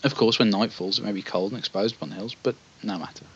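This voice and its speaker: A man's voice: on the low side, fast, fairly bright tone, highs cut off, a little hiss or hum. A man playing a text adventure, reading the story aloud and chatting between passages with hesitant asides. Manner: reads the story evenly, then chats with hesitant asides. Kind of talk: let's play, reading game text aloud with commentary.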